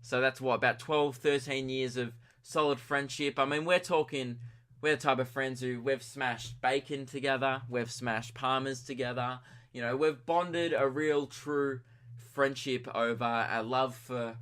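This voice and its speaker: A young Australian man in his early twenties hosts his own podcast and talks alone. He tells a comic story in a rambling, self-mocking way that keeps tipping into excitement. His voice has a bright, forceful edge at an ordinary male pitch. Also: unhurried, clean tone. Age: early 20s. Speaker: podcast host.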